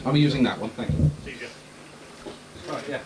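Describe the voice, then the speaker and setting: Rambling stand-up comic. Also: male voice, medium pitch, moderate pace. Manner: rambling, self-deprecating, chatty with the crowd. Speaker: stand-up comedian. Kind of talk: stand-up comedy set. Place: live comedy venue with audience. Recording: roomy venue with audience laughter.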